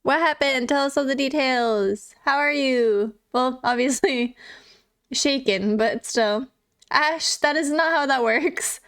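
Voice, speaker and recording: A woman's voice: high-pitched, slow pace, fairly bright tone. A woman streamer in casual live chat, giggly and chatty, reading and answering chat.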